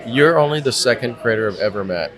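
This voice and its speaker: A man's voice: medium pitch, animated, fast, a crowd in the background. A man as a podcast guest in casual chat, enthusiastic and gushing. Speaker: guest, science content creator. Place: coffee shop.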